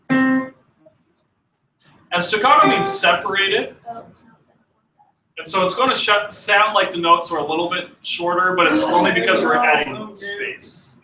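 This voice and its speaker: A man with a high-sitting voice teaches a music class in a classroom demonstration, speaking casually and haltingly with many fillers and false starts. The rough recording sounds roomy, picked up by a distant mic.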